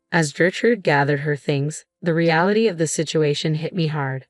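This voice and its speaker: A woman reading a first-person story as scripted narration, in an even, steady way. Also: low-pitched, normal speed, few pauses, no room sound, studio quality, soft background music.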